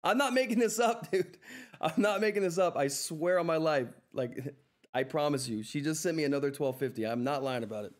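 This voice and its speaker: A fairly high-pitched man hosting a live trading stream. He gushes and repeats himself, tossing "all right?" at his viewers as he talks through price levels. His voice sits a little above the usual male range. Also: a little fast. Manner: excitable, effusive, repeats himself, says "all right?" often. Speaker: livestream stock trading host. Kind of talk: live market commentary and chat.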